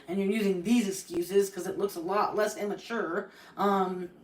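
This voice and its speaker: A woman's voice: mid-range voice, recorded from a distance. A young adult woman on a live stream, ranting in a heated, profane and rambling way. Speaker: livestreamer. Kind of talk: angry live-stream rant. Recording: roomy echo, voice off-mic.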